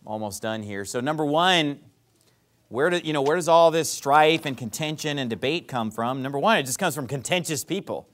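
Male pastor preaching a sermon, slightly high voice with a very lively, rising-and-falling delivery, asks rhetorical questions and goes soft to act out apologies. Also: normal speed.

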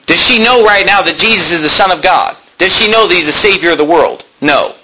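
Animated preacher man with a bright voice. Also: high-pitched, brisk, slight background noise, poor audio. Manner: animated, argumentative preaching with mocking asides. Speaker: pastor. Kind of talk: sermon with scripture reading.

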